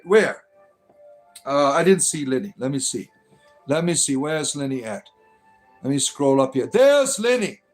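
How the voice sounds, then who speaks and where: A joking man hosts a casual livestream and answers viewers' chat messages one after another. His voice sits a little high for a man, and he keeps tacking "right?" onto his remarks. Soft music plays faintly underneath. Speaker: livestream host reading chat.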